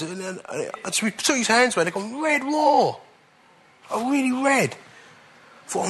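Male preacher, fairly high and bright voice, lively testimony-style sermon with chuckles. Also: brisk, slight background noise. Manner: animated testimony, chuckling through the funny parts. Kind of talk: storytelling sermon.

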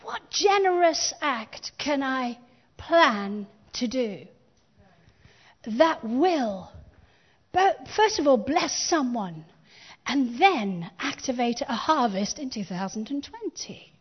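A woman's voice: sits high, big pitch swings, takes it slowly, husky, lo-fi sound. A woman pastor preaching a sermon, building emphasis with repeated phrases and calling on the congregation to respond.

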